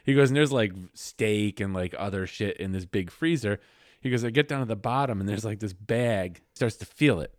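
A man co-hosting a podcast in casual chat, an excitable storyteller with crude humor. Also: on the low side, normal speed, dry recording, clean studio sound. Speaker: podcast co-host.

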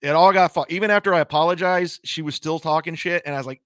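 Rambling comedian talking with frequent restarts. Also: male voice, a little high, fast, a bit bright, no room sound, clean studio sound. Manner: rambling, self-interrupting with many restarts. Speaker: comedian guest. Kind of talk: casual live-stream conversation.

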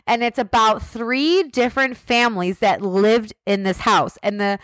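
A young woman from Western New York, a podcast co-host, telling a story in casual chat, animated and swearing freely as she acts out what people said. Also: on the high side, unhurried, no echo, studio quality.

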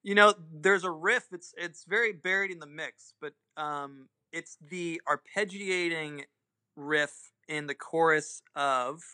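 A man's voice: a little high, slow, sharp tone, smooth, dry recording. A young man guesting on a podcast, talking casually and eagerly about music with lots of "like" and "um". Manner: enthusiastic, filler-heavy, says "like" a lot. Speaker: guest band guitarist. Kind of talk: casual chat.

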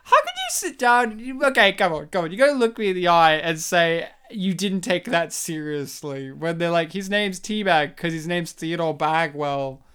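A man's voice: a little high, normal speed, hardly any pauses, clean tone. A man co-hosting a casual film podcast, talking animatedly and laughing often. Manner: animated, laughing, puts on silly voices. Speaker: podcast co-host.

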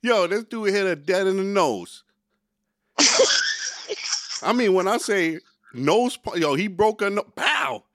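A man's voice: high-pitched, expressive, takes it slowly, pauses often, dry recording. Podcast guy, forties, storytelling, voice swings all over, acts out the quotes, dry room. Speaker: podcast co-host. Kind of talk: casual podcast banter.

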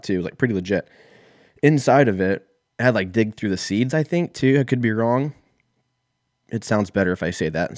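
A man in his thirties hosts a casual solo podcast, telling a rambling, profane, self-mocking story. His voice is lowish, and the recording is studio quality with no echo.

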